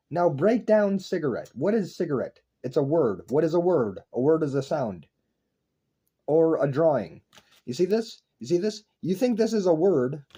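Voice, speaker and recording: A young man delivers an intense philosophical rant straight to his audience, swearing and circling back over the same points. His voice is very dark and husky, and he talks slowly. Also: high voice. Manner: intense, profane, repetitive, lecturing. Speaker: online video creator. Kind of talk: rambling philosophical rant to camera.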